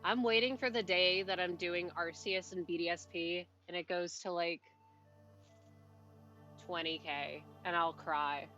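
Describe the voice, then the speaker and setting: A woman game streamer rambles to her chat with a bright, sharp-edged voice, breaking off mid-thought and laughing under her breath. The mic sounds dull and lo-fi, and soft game music plays faintly underneath. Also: lowish voice, steady tone, measured pace. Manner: rambling, self-interrupting, chatty with little laughs. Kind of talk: casual live-stream chat while playing.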